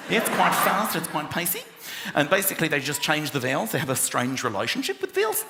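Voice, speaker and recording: A man doing a stand-up comedy routine, animated, slipping into other voices and shouting punchlines. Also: fairly high pitch, fast talker, creaky, very noisy. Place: large venue with a live audience. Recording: echoey live hall with loud crowd laughter.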